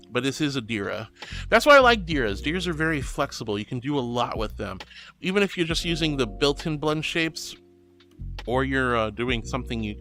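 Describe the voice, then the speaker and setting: A man's voice: mid-range voice, sharp tone. A man streaming as a VTuber, reading chat aloud and greeting viewers in an affectionate, bubbly way, calling them sweetie and honey.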